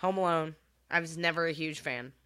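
A woman co-hosts a podcast in casual chat, working through a countdown list. Her voice is low-pitched for a woman but bright and forceful. She is blunt and joking and swears casually. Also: brisk, clear, resonant tone. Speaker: podcast co-host.

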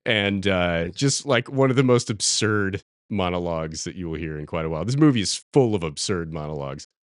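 Male podcast co-host, deep voice, dry close mic, rambling casual film talk. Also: lively intonation, a little fast, no echo. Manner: rambling, laughs at what he describes. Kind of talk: casual film review chat.

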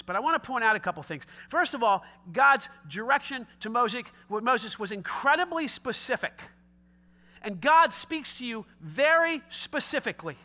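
A man preaching a sermon as pastor, dramatic and conversational, dropping from loud pleading to hushed quiet, with casual slang asides. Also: very high voice.

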